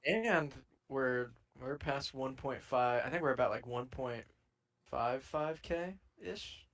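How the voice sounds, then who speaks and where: A man's voice: mid-range voice, slow pace, fairly bright tone, rough recording. A young man co-hosting a casual podcast, joking and rambling with many hesitations. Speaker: podcast co-host.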